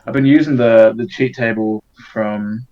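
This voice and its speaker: A man's voice: mid-range voice, steady tone, a little slow, dull audio. A man who makes game videos, talking casually as a podcast guest, rambling and swearing a little. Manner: rambling, full of fillers and restarts, casual swearing.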